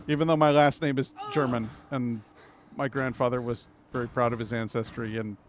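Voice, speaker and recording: A man streams a game live and talks loosely to his chat, rambling and cracking puns. His voice sits at an ordinary middle pitch, with faint ambient noise behind it. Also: fairly even intonation, brisk. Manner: rambling, jokey, punning. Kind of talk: casual live gameplay commentary.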